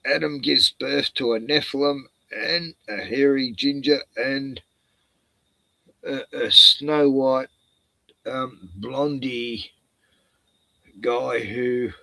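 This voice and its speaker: A man's voice: medium pitch, extremely slow, gravelly, long pauses, sharp tone, no room sound, rough recording. A man telling a story casually, profane and rambling, laughing at his own jokes.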